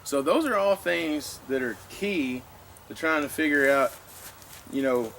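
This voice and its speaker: A man's voice: a little high, expressive, unhurried, a bit bright. A man with a Southern US accent teaching land navigation to a class, folksy and full of questions to the room. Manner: folksy, asks the room questions, many "you know" and "okay". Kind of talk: informal classroom lecture. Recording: noisy room recording.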